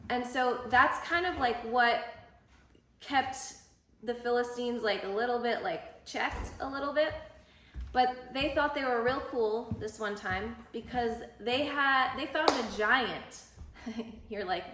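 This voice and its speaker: A woman's voice: on the high side, slow, a bit bright, a little hiss or hum. A young woman coaching, retelling a Bible story in a chatty, filler-heavy way and acting out quotes in voices. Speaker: faith and life coach. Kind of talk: casual Bible storytelling talk. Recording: echoey room.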